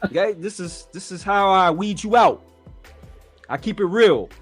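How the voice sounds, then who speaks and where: Blunt, profane man, high voice. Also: unhurried, faint music behind. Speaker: show host. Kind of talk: casual profane talk show rant.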